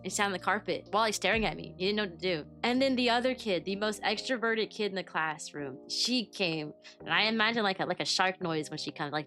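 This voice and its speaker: A young woman telling a story in a casual, chatty way, animated and full of "like" fillers. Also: medium pitch, fast, few pauses, faint music behind. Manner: chatty, animated, heavy use of "like". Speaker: VTuber and kindergarten teacher.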